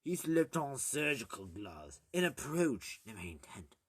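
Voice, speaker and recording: A man's voice: mid-range voice, very animated, slightly rough, no echo, studio quality. Rambling, joking man reading an audiobook aloud. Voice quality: jokey, crude asides and halting self-corrections. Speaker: amateur audiobook reader.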